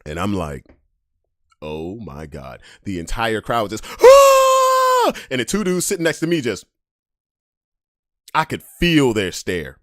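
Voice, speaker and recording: A man, the host of a podcast, telling a story with great energy, acting out voices and swinging from hushed asides to yelling. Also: medium pitch, very animated, normal speed, pauses often, no echo, studio quality.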